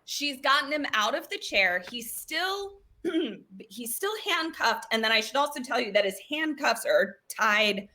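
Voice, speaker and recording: Animated giggly woman recapping a story. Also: fairly high pitch, unhurried. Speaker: host running a horror story game.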